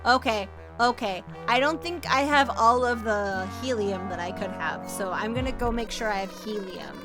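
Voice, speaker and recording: A woman streaming a retro adventure game, chatting casually and playfully with her viewers and breaking into loud bursts of frustration. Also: mid-range voice, moderate pace, music in the background. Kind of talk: casual live-stream commentary.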